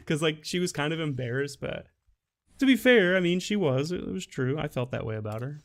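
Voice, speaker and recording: Gravelly-voiced man rambling through stories. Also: a little high, very animated, moderate pace. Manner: rambling, restarts a lot, laughs at his own stories. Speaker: game streamer. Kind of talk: casual storytelling while gaming.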